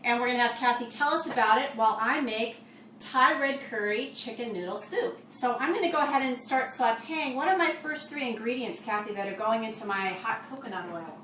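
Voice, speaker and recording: A woman's voice: fairly high pitch, brisk, sharp tone. A woman hosting a live cooking show from her kitchen, chatting upbeat while describing each step as she cooks. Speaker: host of a live cooking stream. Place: home kitchen. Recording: echoey kitchen, distant mic, faint noise.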